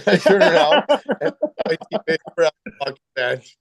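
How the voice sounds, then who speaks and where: A man's voice: mid-range voice, lively intonation, gravelly, dry recording. A former hockey player, a man, chatting crudely and laughing with friends. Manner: laughing, crude, quick to cut in. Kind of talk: casual chat.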